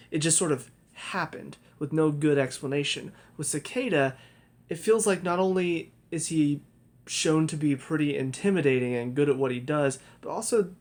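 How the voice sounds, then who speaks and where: A young man giving a casual spoken review, talking in a loose, rambling way with lots of fillers and restarts. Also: on the high side. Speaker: TV show reviewer.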